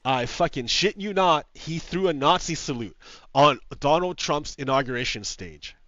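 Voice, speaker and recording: A man with a fairly high voice rants over his gameplay, heated and profane, repeating himself and laughing as he goes. The sound is dry, with little room to it. The recording is a bit dull and lo-fi. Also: expressive, normal speed, a bit bright, dry recording. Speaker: gaming video host. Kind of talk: casual ranting commentary over gameplay. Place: home setup with green screen.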